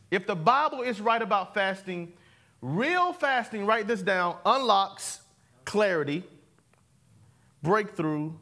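A man's voice: high voice, pushed and bright. A man preaching a sermon, calling for responses and repeating key words. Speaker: pastor. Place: church sanctuary.

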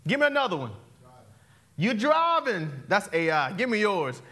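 A male pastor, preaching an interactive, call-and-response sermon that swings from loud to hushed, laughing often. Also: high-pitched, very animated, normal speed.

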